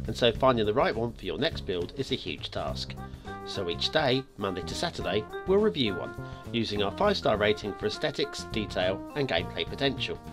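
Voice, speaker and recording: Lively man hosting a game review. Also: lowish voice. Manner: chatty, lively, with many filler pauses. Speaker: host of a game map review show. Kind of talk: casual video game commentary. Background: faint background music.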